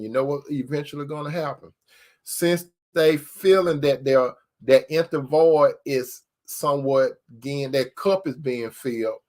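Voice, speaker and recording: Guy preaching casual-like, kinda high voice, keeps saying brothers and sisters, repeats himself a lot. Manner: addresses listeners as brothers and sisters, repetitive; earnest, emphatic. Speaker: host. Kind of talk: informal preaching talk.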